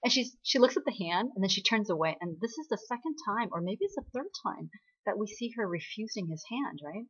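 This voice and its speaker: A woman's voice: mid-range voice, animated, fairly quick, fairly bright tone, husky. A woman casually recapping a drama episode in a chatty way, often checking in with "right?". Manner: chatty, ends points with "right?". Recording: dull lo-fi recording.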